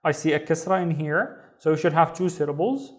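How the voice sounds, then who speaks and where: A man's voice: fairly high pitch, brisk. Patient man sounding out syllables. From Saudi Arabia. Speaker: Arabic teacher. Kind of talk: reading lesson.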